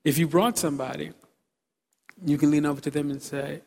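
Man, preacher, altar-call sermon, pleading, repetitive exhortations, soft to fervent, big church auditorium, slightly high voice. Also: steady tone, fairly quick, creaky. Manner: pleading, repeating short exhortations; builds from soft urging to loud fervor.

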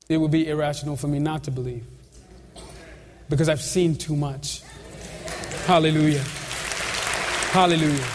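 A man preaching a sermon as pastor, in a chatty way with chuckles and asides to the congregation. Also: fairly high pitch. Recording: reverberant church hall.

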